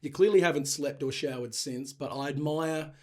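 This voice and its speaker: An Australian man hosts a casual sports chat show with cheeky, teasing banter. His voice sits a little higher than most men's. He laughs easily between jokes. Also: moderate pace, a little mellow. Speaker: podcast host.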